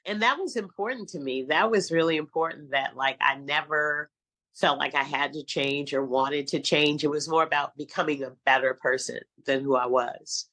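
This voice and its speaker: A middle-aged woman with a somewhat low voice tells stories as an interview guest. She is animated and slips into other people's voices as she recounts scenes. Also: normal speed. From San Francisco, California. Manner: animated storyteller, acts out quotes. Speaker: guest, casting director and acting coach. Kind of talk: casual interview storytelling.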